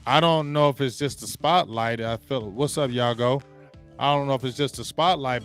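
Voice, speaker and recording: This is a man hosting a live sports talk stream. His voice sits in a middle pitch, and he delivers loud, emphatic trash talk while calling out viewers in the chat. Faint music plays in the background. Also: moderate pace, clear, resonant tone. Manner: trash-talking, loud and emphatic, greets chatters. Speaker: sports show host.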